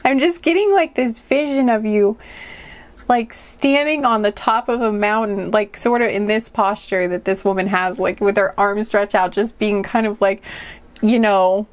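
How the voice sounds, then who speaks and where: A woman's voice: medium pitch, steady tone, measured pace. A woman giving a casual pick-a-card tarot reading, rambling and hesitant, with many fillers and frequent laughs. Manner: rambling and hesitant, full of likes and ums, laughs often.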